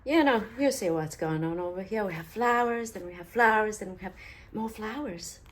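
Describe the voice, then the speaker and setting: A woman's voice: medium pitch, normal speed. A woman chatting casually through a craft tutorial, talkative and playfully sarcastic.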